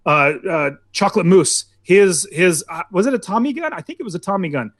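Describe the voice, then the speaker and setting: High-voiced rambling podcast guy. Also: lively intonation, fairly quick, no echo, studio quality. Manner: rambling storyteller, full of "like". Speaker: podcast co-host. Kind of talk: casual movie podcast chat.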